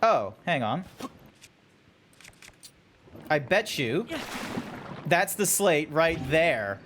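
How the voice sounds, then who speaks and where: An Australian man chatting on a gaming livestream, easygoing and quick to laugh. He drops casual swears and talks at an unhurried pace. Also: fairly high pitch, very animated, noisy background. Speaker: streamer.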